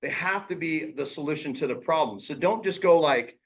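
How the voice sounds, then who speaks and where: A man coaching real estate agents in a casual, blunt way, using slang and quick impressions of clients. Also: fairly high pitch.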